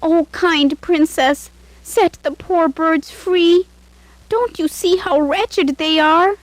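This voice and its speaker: A woman voicing a gentle, kind-hearted young maid who pleads tenderly. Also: high voice, sing-song, a little slow, no echo, pitched above the performer's own voice, rough recording. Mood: pleading.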